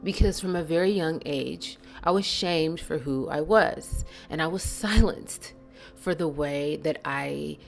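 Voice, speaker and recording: A woman with a low, gravelly voice speaks a spiritual monologue bluntly and earnestly. She leans hard on slow words and sometimes sinks to a whisper. Soft music plays faintly beneath her. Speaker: spiritual channel host.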